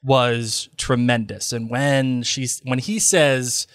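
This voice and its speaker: A man with a Boston accent co-hosting a podcast from his home studio, enthusiastic and quick to laugh. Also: mid-range voice, dry recording. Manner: enthusiastic, laughs easily, animated. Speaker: podcast co-host. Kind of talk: casual podcast chat.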